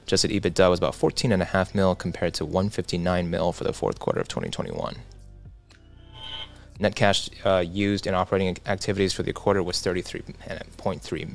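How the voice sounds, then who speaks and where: A man hosting a casual livestream, reading viewer comments aloud in a relaxed, chatty way and adding quick asides. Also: deep voice, vocal fry, soft background music. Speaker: livestream host.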